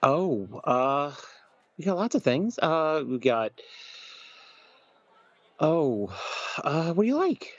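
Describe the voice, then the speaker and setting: A man's voice: on the high side, big pitch swings, no room sound. A man playing a flustered young innkeeper woman. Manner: hesitant, halting, full of ums. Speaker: game master. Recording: dull, dry recording.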